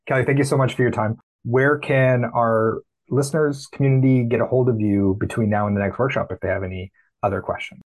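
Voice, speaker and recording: A man's voice: medium pitch, steady tone, a little fast, few pauses, rough recording. A man interviewing a guest, giving brief affirming replies and wrapping up the conversation. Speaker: interviewer from podcast production company. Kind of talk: casual interview.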